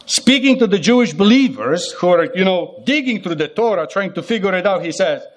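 Emphatic higher-voiced male preacher. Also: lively intonation, a little fast, hardly any pauses. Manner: emphatic, repeats phrases, asks the listeners rhetorical questions. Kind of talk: sermon.

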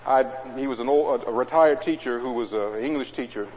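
A preacher giving a sermon in a church. He reads scripture loudly and drops to low, conversational asides. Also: fairly quick, slight background noise. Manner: swings between loud scripture reading and low conversational asides. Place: church hall. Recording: dull, echoey hall recording.

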